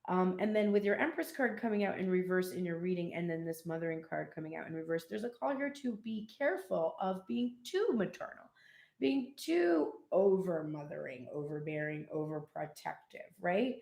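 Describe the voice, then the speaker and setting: A woman giving a casual live tarot reading, chatty and animated, with frequent laughs and cheeky asides. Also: on the low side, moderate pace, vocal fry, reverberant. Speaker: tarot reader.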